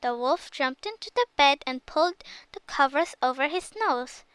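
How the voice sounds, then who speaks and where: A woman reading a children's fairy tale aloud with lively, expressive storytelling. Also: high-pitched, normal speed, no echo, poor audio. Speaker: storybook reader.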